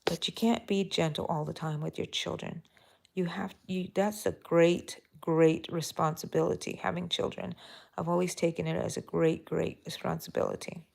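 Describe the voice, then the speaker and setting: A middle-aged woman hosting a live crochet tutorial, talking softly and mellowly, sometimes drifting into a whisper as she works. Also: lowish voice, fairly even intonation, normal speed, creaky. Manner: soft, mellow, drifting into whispers while counting stitches. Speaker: crochet channel host.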